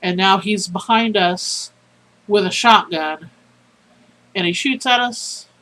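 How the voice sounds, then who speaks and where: A sleepy player casually recapping a tabletop horror game, rambling and halting. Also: mid-range voice, bright, forceful tone, rough recording. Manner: rambling, halting, filler-heavy.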